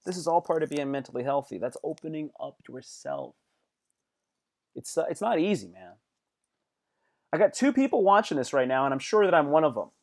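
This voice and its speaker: A man's voice: on the high side, very animated, fairly quick, long pauses, darkish tone. A man hosting a live stream, giving casual motivational talk in slangy speech that repeats phrases and acts out angry outbursts.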